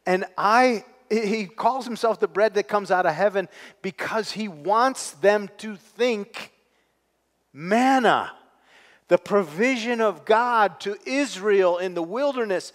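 A man preaches a sermon in a slow, unhurried cadence, pausing to put questions to his congregation. His voice sits a little higher than most men's. It rings out with the long reverb of a large hall. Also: a bit bright. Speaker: pastor. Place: church sanctuary.

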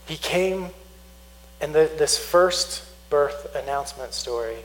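A man preaching a sermon, teaching earnestly, slowing down to stress key points and reading scripture aloud. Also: a little high, low-quality recording. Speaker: pastor.

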